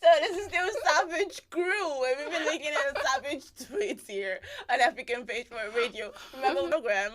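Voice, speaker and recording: A woman's voice: sits high, moderate pace, hardly any pauses, a crowd in the background. A woman co-hosting a live radio stream, chatting casually, teasing and laughing often. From Nigeria. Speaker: radio co-host.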